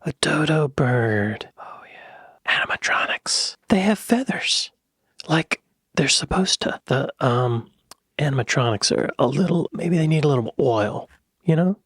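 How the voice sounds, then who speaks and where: A man hosting a reaction video. He talks in a playful, joking way and often drops into soft whispered asides. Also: on the high side, lively intonation, measured pace, husky, dry recording, clean studio sound. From United States. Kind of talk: casual reaction commentary.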